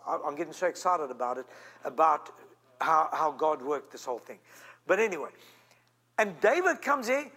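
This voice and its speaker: Pastor role, high-pitched man, emphatic storytelling sermon, lively rises and drops. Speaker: senior pastor. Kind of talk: animated sermon.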